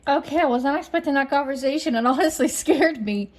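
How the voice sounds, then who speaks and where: A woman's voice: sits high, fast talker, rough recording. A young woman giving chatty, reactive let's play commentary over a mystery game. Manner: chatty and reactive, with many fillers.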